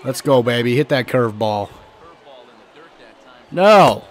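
A hoarse man giving casual, excitable commentary while playing a baseball video game, often swearing and shouting at the players. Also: mid-range voice, slow pace. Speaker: gaming channel host.

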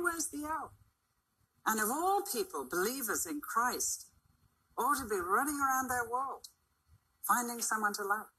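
Older female preacher, husky and bright, emphatic sermon delivery with dramatic rises and drops in pitch. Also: poor audio.

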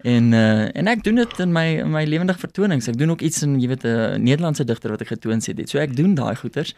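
A man's voice: medium pitch, animated, fast, gravelly, a little mellow. A man, a musician guest telling stories in casual interview chat and switching between languages.

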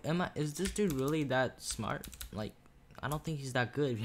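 Expressive and moderately paced, this mid-range male voice belongs to a gaming YouTuber chatting loosely over his own gameplay. He jokes and trash-talks the other players into a USB desk microphone, with faint keyboard and mouse clicks in the background.

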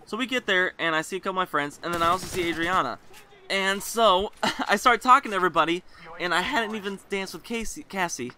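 A man's voice: sits high, quick pace, pushed and bright. A young man telling a story in a rambling, chatty vlog style, swearing freely as he goes. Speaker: vlogger. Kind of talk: casual storytelling.

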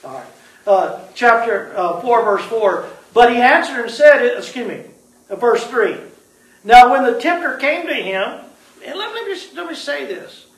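High-voiced preacher in an echoey room. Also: male voice, a little slow, far from the mic. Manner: lively, prompts the congregation to answer, joking asides. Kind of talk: sermon with call-and-response.

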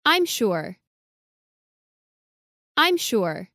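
High, lively woman reading slowly. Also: no echo, clean studio sound. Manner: clear, careful enunciation, each phrase said twice. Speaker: English model reader. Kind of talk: slow repeated phrase reading for learners.

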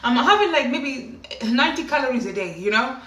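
A woman telling a story casually to camera in an animated way, often slipping into acted voices. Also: high voice, brisk. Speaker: vlogger. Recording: echoey room, distant from the mic.

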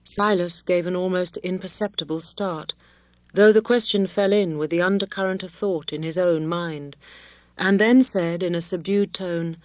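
Low-voiced woman reading a classic novel. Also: steady tone, no echo. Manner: measured, clear reading. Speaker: audiobook narrator. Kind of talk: literary audiobook narration. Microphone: close studio mic.

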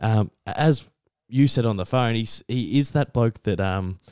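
A man's voice: mid-range voice, measured pace, clean tone, no room sound, studio quality. A young Australian man on a casual podcast, telling stories eagerly with lots of fillers and restarts. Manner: excitable storyteller, many fillers and restarts. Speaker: podcast co-host.

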